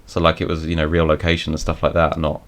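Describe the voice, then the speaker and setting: A man's voice: rumbling low, monotone, fast talker, a bit bright. A man hosting a podcast, chatting casually and teasing his guest. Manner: teasing, joking, laughs often. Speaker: podcast host.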